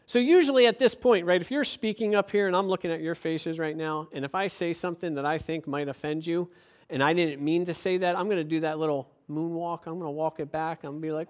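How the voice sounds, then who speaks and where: High-voiced pastor preaching emphatically. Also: male voice, brisk. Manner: emphatic, conversational, asks rhetorical questions. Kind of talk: sermon.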